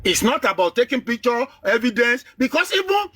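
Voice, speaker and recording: A man's voice: extremely high pitch, sing-song, brisk, bright, forceful tone, slightly rough, no room sound. A man arguing emphatically in an online live debate. He lectures and hammers home the same phrases. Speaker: debate participant.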